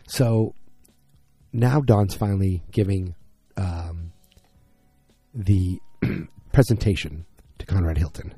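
A man's voice: deep voice, takes it slowly, warm tone, slightly rough, dry recording, faint music behind. A man casually recapping a TV episode in a rambling, conversational way, acting out the characters' lines.

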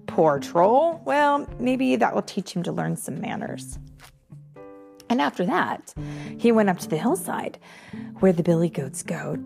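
A woman's voice: on the low side, gravelly, a little mellow. A woman reading a fairy tale aloud to a child with playful, chatty asides to the listener. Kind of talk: playful read-aloud storytelling.

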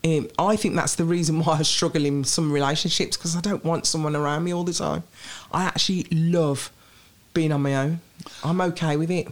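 A woman with a Birmingham accent, chatting lively and laughing easily as an interview guest. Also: deep voice, fairly quick. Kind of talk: casual chat.

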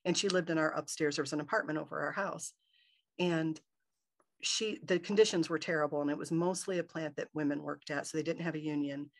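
A woman from Michigan, a podcast guest, telling a personal story in a lively way and acting out her own thoughts. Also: low voice, brisk. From Michigan, USA. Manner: animated, acts out her own inner thoughts in quotes.

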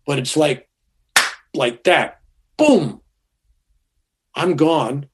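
A man's voice: a little high, normal speed, noisy background. An older man telling a personal story in a rambling, conversational way, full of fillers and restarts.

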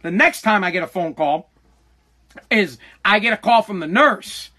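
A man's voice: high-pitched, expressive, moderate pace, pushed and bright. A man telling a story about his child in a casual, exasperated, profane rant, acting out the voices of the people in it.

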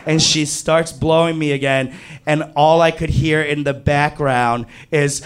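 A man doing stand-up storytelling, animated, jumping to high panicked yelps when he quotes himself. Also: a little slow, background noise. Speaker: stand-up comedian.

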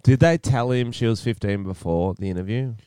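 A man's voice: on the low side, brisk, mellow, smooth, no room sound, studio quality. A man with an Australian accent co-hosting a casual comedy podcast, joking around. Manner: joking, slips into silly put-on voices. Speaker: podcast co-host.

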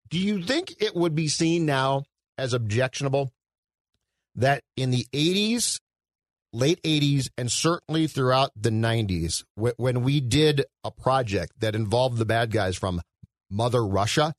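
A man's voice: mid-range voice, lively intonation, measured pace, dry recording, clean studio sound. A man co-hosting a casual film podcast, rambling and hedging as he thinks aloud. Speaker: podcast co-host.

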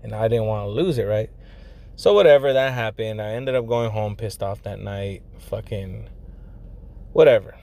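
A young man with a fairly low, gravelly, darkish voice tells a personal story at normal speed. He's casual, profane and slangy, leans on fillers like "like" and "you know," and drops Spanish phrases into his English.

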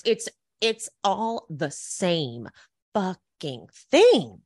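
Female podcast host, energetic rants, voice swings up and down, dry close mic. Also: mid-range voice, moderate pace, no echo. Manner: animated, exasperated, swears freely. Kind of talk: casual chat.

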